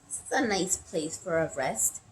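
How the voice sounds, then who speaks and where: A woman voicing a proud, quick-tempered male cap peddler who scolds and demands. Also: fairly low pitch, expressive, slight background noise, pitched below the performer's own voice, lightly acted, poor audio. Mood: content. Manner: scolding, finger-wagging demands.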